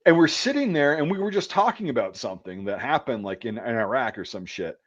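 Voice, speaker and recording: A man's voice: mid-range voice, a little fast, highs cut off. A man in his thirties, a military veteran, telling a story in casual chat with lots of swearing and acted-out quotes. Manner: profane, animated storyteller acting out quotes. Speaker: podcast host, military veteran.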